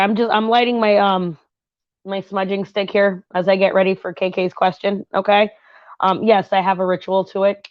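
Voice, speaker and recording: A chatty woman giving a tarot reading at home, talking in a rambling way with fillers and frequent asides to her viewers. Her voice sits at an ordinary middle pitch. The recording is dry and a little dull and lo-fi. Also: dry recording. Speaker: tarot reader and channel host. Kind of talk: casual tarot reading chat with reality TV commentary.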